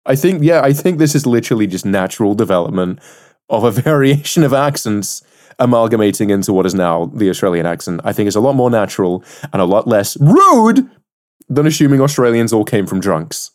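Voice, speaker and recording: A man's voice: fairly low pitch, sing-song, brisk. An English man co-hosting a podcast, joking and swearing freely in casual chat. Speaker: podcast co-host.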